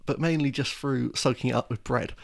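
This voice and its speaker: A man's voice: medium pitch, brisk, gravelly. A man from England co-hosting a casual film podcast, answering in hesitant, stammering bursts with self-mocking humor. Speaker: podcast co-host.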